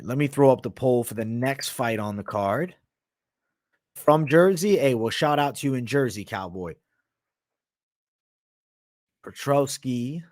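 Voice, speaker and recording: A young man with a mixed Boston and New York sounding accent, hosting a live MMA betting show in a brash, profane, animated way, talking back to live viewers. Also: mid-range voice, no room sound, clean studio sound. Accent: mix of Boston, Canadian and Italian, often heard as New York. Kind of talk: live-stream commentary, casual and profane.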